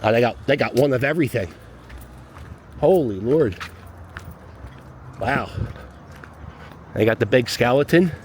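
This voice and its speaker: A man's voice: mid-range voice, animated, a little slow, pauses often, a little mellow, slight background noise. A man giving rambling, wry commentary to a handheld camera as he walks his dog down a city street. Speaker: vlogger walking his dog. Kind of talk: casual walking commentary.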